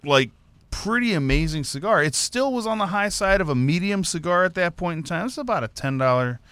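A man with a somewhat high, smooth, resonant voice chats on a radio show. He gives enthusiastic, detailed tasting notes in a casual, conversational way. The sound is dry and close. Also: lively intonation, a little fast, fairly bright tone, dry recording. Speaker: co-host reviewing cigars.

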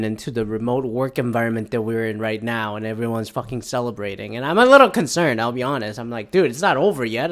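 A man of middle pitch hosts a casual solo show from his home and talks off the cuff. He rambles and swears freely, with loose, candid commentary. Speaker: podcast host. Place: at home indoors.

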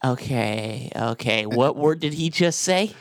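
A man trading wisecracks on a casual podcast, swearing now and then. His voice is at an ordinary pitch for a man. The mic sound is close and dry. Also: animated, unhurried, dry recording. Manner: wisecracking, profane. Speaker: podcast co-host. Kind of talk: casual chat.

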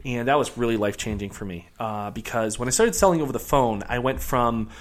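Animated man telling a story. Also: mid-range voice, a little fast. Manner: animated, lots of fillers and restarts. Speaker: podcast guest, real estate investor. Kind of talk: casual storytelling.

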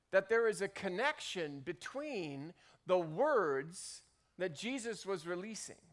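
High-voiced conversational male preacher. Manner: conversational, many restarts, rising to loud emphatic peaks. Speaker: pastor. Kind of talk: sermon.

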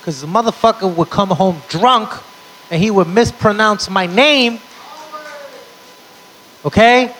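A young man in a stand-up comedy set tells a live audience punchy, brash, profane stories in a high, fairly bright voice, speaking a little slowly and pausing often. There's slight background noise, and the recording is low-quality.

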